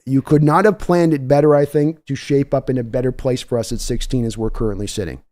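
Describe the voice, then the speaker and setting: An excitable, chatty man hosts a live draft stream, thinking out loud and thanking viewers as he goes. His voice is dark and mellow, sitting at an ordinary middle pitch. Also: fairly quick. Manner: excitable, chatty, reads donations aloud. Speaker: livestream draft host.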